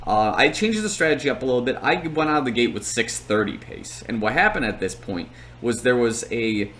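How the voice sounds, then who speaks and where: A man's voice: medium pitch, big pitch swings, a little fast, fairly bright tone, a little hiss or hum. Chatty young man recapping a race. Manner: chatty, rambling, lots of fillers.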